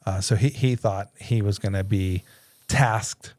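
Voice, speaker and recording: A man's voice: on the low side, measured pace, a little mellow, no room sound. A man in his thirties hosting a casual studio talk, telling a story with lots of laughter and acted-out voices. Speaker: podcast host. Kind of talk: casual conversation.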